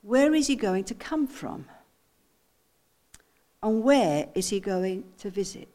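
An older woman giving a sermon in a reflective, unhurried way, asking rhetorical questions and repeating phrases for emphasis. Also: medium pitch, animated, mellow. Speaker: pastor.

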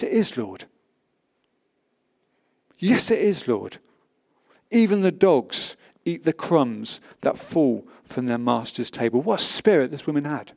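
A man's voice: fairly high pitch, vocal fry, darkish tone. A man preaching a sermon, reading scripture aloud with emphatic rises and drops.

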